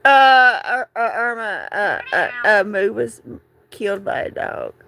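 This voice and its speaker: A woman, talking through grief on a live stream, halting and repeating herself, tearful at times. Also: mid-range voice, sing-song, gravelly, bright, forceful tone, slight background noise, poor audio. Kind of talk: emotional live stream chat.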